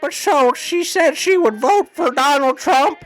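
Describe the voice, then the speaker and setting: Man doing a brash, shrill older woman. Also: measured pace, soft background music. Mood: blunt. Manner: blunt, matter-of-fact, brassy. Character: brash, bossy older woman past menopause. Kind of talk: improvised comedy role-play.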